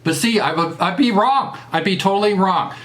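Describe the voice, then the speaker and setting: Southern male commentator, mocking and crude, slightly high-pitched delivery. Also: normal speed, a bit bright. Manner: mocking, laughs at his own jokes, crude. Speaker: political commentator. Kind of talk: casual commentary monologue.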